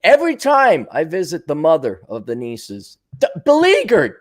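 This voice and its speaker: Alone on his podcast, a man with a high voice and huge swings in pitch rambles at a normal speed. His musings are sardonic, and he puts on small voices for his own thoughts.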